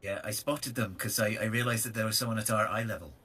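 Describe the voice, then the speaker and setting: Husky guy at a tabletop game, teasing, sounds a bit far off mic. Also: fairly low pitch, fairly even intonation, quick pace, bright, forceful tone. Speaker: player. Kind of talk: casual tabletop game chat.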